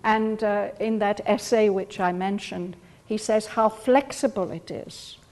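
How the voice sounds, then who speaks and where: A woman leading a study group, speaking slowly and thoughtfully as she explains ideas to the others. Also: mid-range voice, steady tone, big-room sound. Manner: slow, thoughtful, gently explaining. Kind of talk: reflective group discussion.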